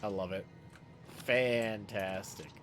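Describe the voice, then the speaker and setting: Soft music plays behind a man streaming a game, whose fairly low, fairly bright voice stays steady in tone and slow. He chats jokingly and rambles with viewers, reacting to their messages.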